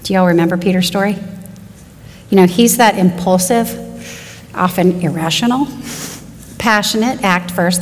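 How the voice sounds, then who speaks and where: A woman preaching a sermon to women, earnest, slowing down to stress key phrases. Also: medium pitch, in a large hall. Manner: earnest, varied pace with slow emphatic phrases. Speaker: women's Bible teacher.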